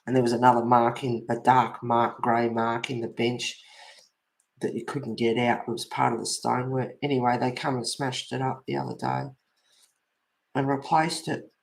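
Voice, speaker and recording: A man's voice: mid-range voice, creaky, rough recording. A man chatting casually in rambling anecdotes as he colours and hosts his channel. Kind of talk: casual chat while colouring.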